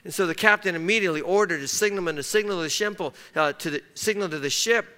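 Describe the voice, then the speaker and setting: A man's voice: high voice, fast talker, bright, forceful tone, smooth. A man preaching a sermon as pastor, emphatic and fond of repeating key phrases.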